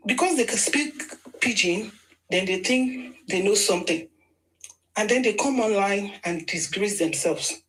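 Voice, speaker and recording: A woman's voice: medium pitch, expressive, unhurried, fairly bright tone, rough recording. Emphatic Nigerian woman commentator. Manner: emphatic, argumentative, repeats phrases for stress. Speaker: political commentator. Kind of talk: opinionated political commentary.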